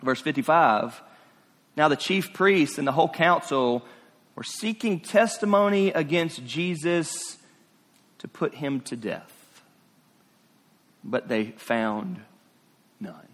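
A male pastor preaches with a somewhat high voice. He drops to hushed, drawn-out lines, then builds to emphatic questions and repeated phrases. His words ring with the long reverb of a church hall. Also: expressive. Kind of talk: sermon. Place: church sanctuary.

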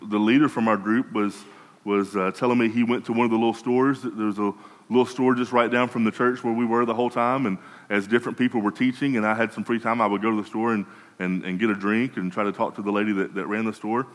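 A man's voice: lowish voice, steady tone, fast, in a large hall, rough recording. A man preaching a sermon in a conversational way, often restarting and repeating words. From United States.

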